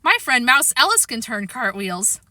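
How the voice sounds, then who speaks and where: A woman's voice: fairly high pitch, sing-song, normal speed, pushed and bright, no room sound, full character voice. A woman voicing a bossy young girl who gushes and scolds. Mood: gushing. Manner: gushing, bossy.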